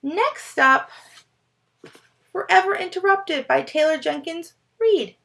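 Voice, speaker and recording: A woman's voice: very high-pitched, animated, takes it slowly, gravelly, a bit bright. A woman recommending books in a casual, enthusiastic vlog, often stumbling over names. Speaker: book vlogger.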